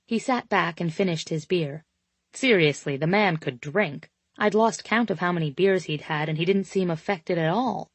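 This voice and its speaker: A woman narrating a romance audiobook in first person, steady and intimate. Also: fairly low pitch, moderate pace, no echo.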